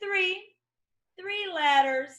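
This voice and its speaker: A woman's voice: very high-pitched, drawn-out words, sharp tone. A young adult woman with a Brazilian Portuguese accent, teaching English to children in an online lesson and spelling words out letter by letter with encouragement.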